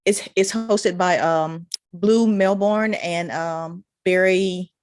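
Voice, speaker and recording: A woman's voice: on the low side, fairly even intonation, slow, darkish tone. A woman hosting an interview on a video call, speaking hesitantly with many ums and uhs. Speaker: interview host. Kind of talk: casual interview chat.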